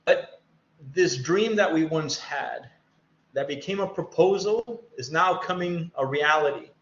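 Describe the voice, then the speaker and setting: A man's voice: on the high side, animated, measured pace, a bit bright. A middle-aged man, a college faculty member speaking to students on a virtual panel in an encouraging, conversational way and acting out quoted exchanges. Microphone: video call. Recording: echoey, dull video-call audio.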